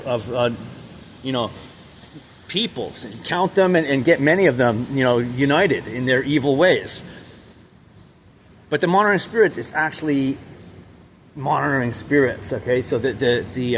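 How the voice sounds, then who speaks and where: A man talking in an unscripted monologue, rambling and halting with many restarts and fillers, and speaking with intense emphasis. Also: mid-range voice, a little hiss or hum. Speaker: vlogger.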